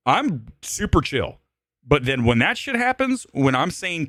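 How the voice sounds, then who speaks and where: Animated, ranting man, lively pitch. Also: fast talker, no room sound, clean studio sound. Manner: animated, ranting, profane storytelling; jumps into high shouts when worked up. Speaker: host. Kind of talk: live-stream movie talk.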